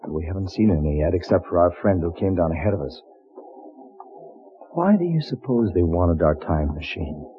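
An actor playing an uneasy male time traveler who asks hushed, wary questions and narrates somberly, in a vintage radio drama. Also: deep voice, expressive, moderate pace, slight background noise. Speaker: narrator and character in a radio play. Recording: tinny old radio broadcast with loud music.

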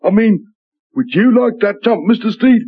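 A fussy, defensive office guard in an old radio play, answering eagerly in a fairly high, lively voice. The recording is dull and lo-fi. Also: male voice, moderate pace, husky, full character voice.

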